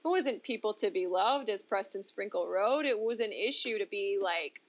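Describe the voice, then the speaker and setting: A woman's voice: medium pitch, animated, normal speed. A woman sharing her personal testimony as an interview guest, talking candidly and expressively, her voice leaping up for emphasis and breaking into laughs between points. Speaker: interview guest, ministry founder.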